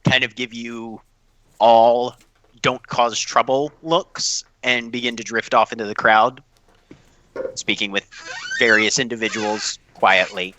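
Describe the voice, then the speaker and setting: A man narrating as game master of a tabletop game, describing scenes with pauses and repeats. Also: mid-range voice, little pitch movement, bright, forceful tone, lo-fi sound.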